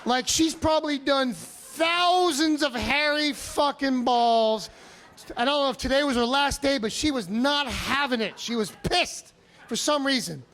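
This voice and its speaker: A male stand-up comedian telling a story on a comedy club stage, animated, profane and self-mocking. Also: very high-pitched, a little slow.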